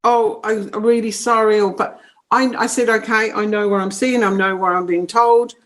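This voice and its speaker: A woman's voice: mid-range voice, fairly even intonation, normal speed, fairly bright tone. A woman guest on an interview, a psychic medium who speaks bluntly and firmly and explains steadily in everyday phrases. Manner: blunt and firm. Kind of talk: interview conversation.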